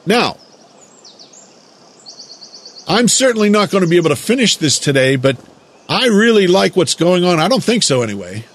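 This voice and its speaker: A man delivering a slow, deliberate lecturing monologue, drawing out words for emphasis. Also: high voice, big pitch swings. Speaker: speaker giving a monologue lecture.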